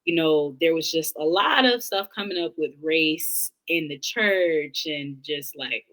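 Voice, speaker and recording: Woman, young adult, slightly low voice, interview guest, earnest, casual candid talk. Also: unhurried, few pauses, a bit bright, low-quality recording. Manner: earnest, thoughtful, speaks in long run-on reflections with restarts.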